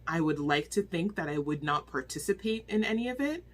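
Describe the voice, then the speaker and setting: A woman talking casually into her phone as she reviews a book, animated and exclaiming, rambling with restarts. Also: low voice, fairly quick.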